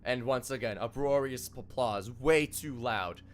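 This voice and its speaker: A young man narrating a tabletop game as dungeon master, animated and laughing, with halting fillers. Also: mid-range voice.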